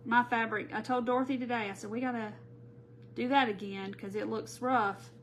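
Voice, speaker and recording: A woman's voice: on the high side, fairly even intonation, normal speed, a little hiss or hum. A woman hosting a live crafting tutorial, chatting casually and greeting viewers by name as she works. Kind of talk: live-stream crafting chat.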